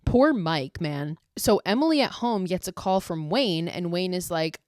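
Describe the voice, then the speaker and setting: A woman's voice: lowish voice, a little slow, hardly any pauses, no room sound, studio quality. Swearing woman recapping a horror film. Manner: profane, animated storytelling. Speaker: podcast host. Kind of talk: casual horror movie recap.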